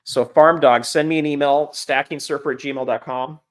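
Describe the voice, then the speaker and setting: A man's voice: fairly high pitch, steady tone, normal speed. A middle-aged man hosting a casual livestream chat, rambling with fillers and restarts. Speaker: livestream host.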